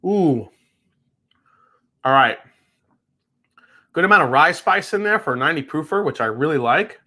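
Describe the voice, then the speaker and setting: A man's voice: a little high, expressive, moderate pace, sharp tone. A man hosting a live whiskey tasting stream, chatting casually and swearing now and then. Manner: laid-back, swears casually, laughs easily. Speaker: whiskey reviewer, livestream host.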